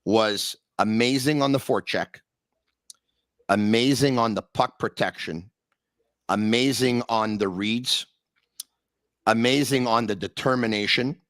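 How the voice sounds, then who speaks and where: A man hosting a hockey podcast, talking with excitable energy and sudden swings in pitch. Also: measured pace, pauses often, dry recording, clean studio sound. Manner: excitable, sings and shouts bits, big pitch swings. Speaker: podcast host. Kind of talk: energetic sports talk.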